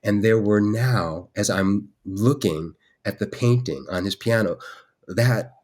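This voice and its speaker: A man, a guest artist on a podcast, telling an animated, self-deprecating story with frequent restarts. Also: lowish voice, a little slow.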